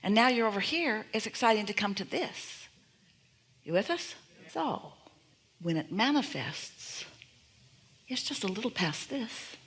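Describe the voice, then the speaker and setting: A woman's voice: mid-range voice, lively intonation, unhurried, long pauses, fairly bright tone, slightly rough. Emphatic woman teaching a seminar. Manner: speaks as "we", emphatic repeated affirmations, rhetorical questions. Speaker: seminar speaker. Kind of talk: motivational teaching to an audience.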